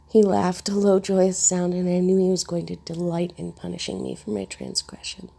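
Gravelly, husky woman narrating softly. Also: fairly low pitch, animated, normal speed, hardly any pauses. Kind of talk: first-person story narration.

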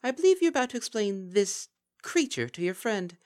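A stately winged princess speaks in formal, archaic phrases, put on by a man reading aloud. Her voice sits higher than the reader's own and stays measured and regal. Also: big pitch swings, darkish tone. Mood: regal calm. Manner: archaic formal speech, dignified.

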